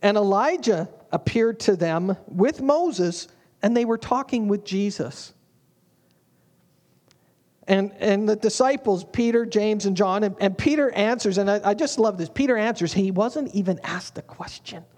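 A man's voice: high-pitched, measured pace, darkish tone. A man preaching a sermon as a pastor, in a humorous, conversational way.

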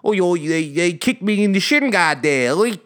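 A man's voice: high voice, expressive, normal speed, fairly bright tone, pitched above the performer's own voice. A man mimicking a male English soccer player complaining about being kicked.

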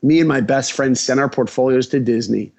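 Gravelly-voiced man telling his story. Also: medium pitch, brisk, darkish tone, muffled recording. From New York. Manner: acts out dialogue, emphatic. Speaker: podcast guest. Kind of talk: animated storytelling.

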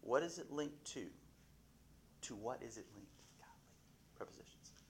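A man's voice: mid-range voice, lively intonation, moderate pace, slight background noise. A man teaching a Bible class, asking his listeners questions and often restarting his sentences.

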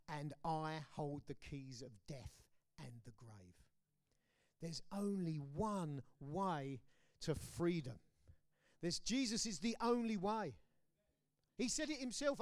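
A man with a British accent preaching a sermon, swinging between loud declarations and hushed, low lines. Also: animated, a little slow, pauses often. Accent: British English. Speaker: pastor. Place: church hall.

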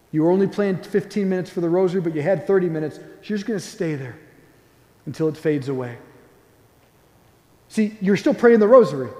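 A man giving a gentle, conversational talk on prayer, often acting out the prayers he describes. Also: sits high. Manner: gentle, playful, acts out quoted prayers. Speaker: Catholic speaker on prayer. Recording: echoey hall with long reverb.

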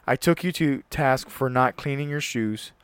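Guy talking solo into a close mic, reads stuff out loud earnestly, trips on words sometimes, dry sound. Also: medium pitch, moderate pace, smooth, no room sound. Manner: reads aloud earnestly, stumbles and restarts on words. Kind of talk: casual solo talk with read-aloud passage.

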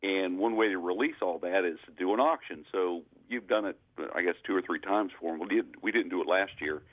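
Deep-voiced man on a tinny phone line. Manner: laid-back, halting, repeats words. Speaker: caller, auctioneer. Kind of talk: phone-in chat.

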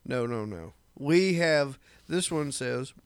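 Male co-host, lively pitch, playful banter. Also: slow, smooth, dry recording. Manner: joking, puts on silly voices. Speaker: podcast co-host. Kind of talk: casual chat.

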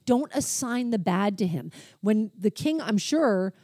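A woman's voice: medium pitch, expressive, measured pace, mellow, no room sound, studio quality. A woman co-hosting a faith discussion podcast, speaking earnestly and with emotion, often in a preaching tone. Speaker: podcast co-host.

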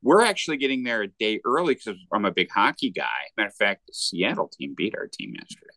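A man hosting a podcast, chatting casually with quick asides. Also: on the low side, very animated, bright, forceful tone, no room sound. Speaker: podcast host. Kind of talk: casual chat.

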